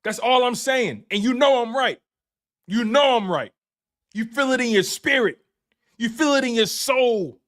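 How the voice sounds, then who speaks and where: A man's voice: very high voice, measured pace. A man hosting a live sports talk stream, talking casually and repeating himself as he banters with his chat. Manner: animated, repetitive, playful trash talk to chat. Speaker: sports show host.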